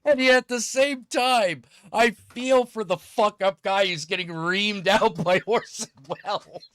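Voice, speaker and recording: A man co-hosting a casual comedy chat, animated, swearing and laughing often. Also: sits high, measured pace, clean tone, no echo. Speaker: podcast co-host.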